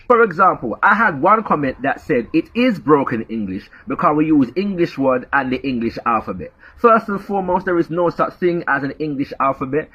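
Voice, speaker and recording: A man's voice: medium pitch, fairly bright tone, breathy edge. A man with a Jamaican accent lecturing in commentary, sprinkling in "yeah?" as he makes his points. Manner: lecturing, tag questions like "yeah?". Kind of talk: explanatory commentary. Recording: dull lo-fi recording.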